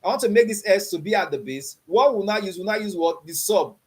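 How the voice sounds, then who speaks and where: A coding instructor runs a beginners' class online, speaking quickly in a high-pitched voice with lively intonation. He keeps asking "you understand what I'm saying?" and tests the learners with open questions like "what?"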